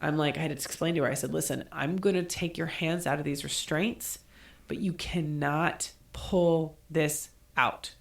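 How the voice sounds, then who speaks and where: A woman's voice: sits low, normal speed, vocal fry. A middle-aged woman co-hosting a podcast, telling a personal story in a casual chat and acting out quotes with bursts of laughter. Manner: animated, acts out quotes with laughter. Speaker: podcast co-host.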